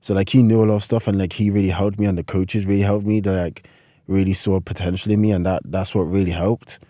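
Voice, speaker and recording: Low-voiced young British man, rambling. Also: flat delivery, fast, mellow, dry recording, clean studio sound. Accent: British, partly Americanized. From United Kingdom. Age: late teens. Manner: rambling, heavy use of "like" fillers. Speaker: podcast guest, student athlete. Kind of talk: casual interview storytelling.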